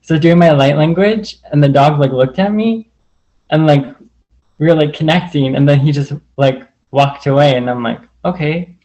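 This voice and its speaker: Give me a man on a video call who rambles through a personal story, filling it with "like" and acting out what people said. His voice sits a bit higher than most men's. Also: normal speed, mellow, highs cut off. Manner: rambling, full of "like" and re-enacted quotes. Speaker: group call participant.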